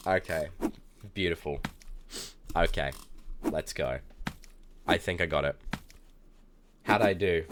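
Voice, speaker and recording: A young man streaming live, chatting casually with viewers, telling rambling stories and bursting out in loud, cursing reactions. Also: sits low, normal speed, pauses often, very noisy. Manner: animated, with loud cursing outbursts and rambling anecdotes. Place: indoors at a streaming setup.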